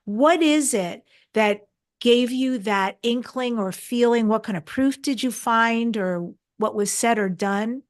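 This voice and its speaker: A woman's voice: on the high side, takes it slowly. A woman hosting a podcast, asking her guest probing follow-up questions. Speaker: podcast host. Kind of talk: interview questions.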